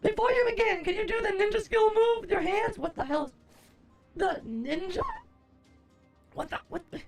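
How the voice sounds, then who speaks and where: Woman streamer, very high voice with vocal fry, profane and theatrical, faint music behind. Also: moderate pace. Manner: profane, theatrical mock-furious ranting. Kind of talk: casual livestream chat. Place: at a desk at home.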